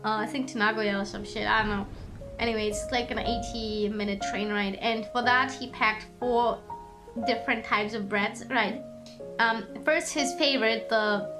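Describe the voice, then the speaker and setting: A young woman streamer chats loosely with her viewers, full of fillers, swearing as she rambles. Her voice sits a little high, and music plays clearly under her desk microphone. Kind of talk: casual chat with stream chat. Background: music in the background.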